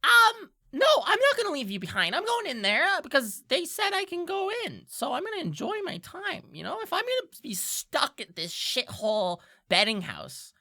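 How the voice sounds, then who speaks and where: A woman's voice: high voice, wildly swooping pitch, moderate pace, few pauses, pushed and bright, pitched above the performer's own voice, full character voice. A woman voicing a nervous, fidgety little male imp in a tabletop game, rambling and pleading. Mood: defensive.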